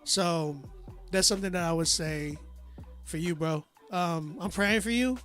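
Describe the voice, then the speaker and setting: A young man hosts a livestream in loose, slangy, encouraging talk. His voice sits high for a man. Faint music plays behind him. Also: measured pace, fairly bright tone. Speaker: livestream host.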